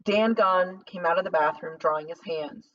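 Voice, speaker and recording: A woman narrating a novel as an audiobook, in a measured, dramatic reading. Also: on the low side. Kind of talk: scripted narration. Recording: slightly distant dull lo-fi recording.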